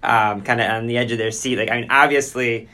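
A man hosting a podcast, asking loose, rambling questions in a relaxed, casual way. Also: medium pitch, fairly quick. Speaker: podcast host. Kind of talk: casual interview chat.

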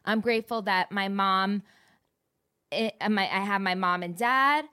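A woman's voice: mid-range voice, measured pace, pushed and bright, clean tone. A young woman co-hosting a casual podcast, telling stories with lots of swearing and giggles. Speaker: podcast co-host. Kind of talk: casual chat.

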